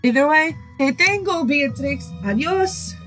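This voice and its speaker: A woman's voice: fairly high pitch, animated, moderate pace, a bit bright, soft background music, poor audio. A woman doing a folksy old rancher man with a Spanish accent. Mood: earnest. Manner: earnest, folksy, sprinkling Spanish words. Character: older male rancher with put-on Spanish accent.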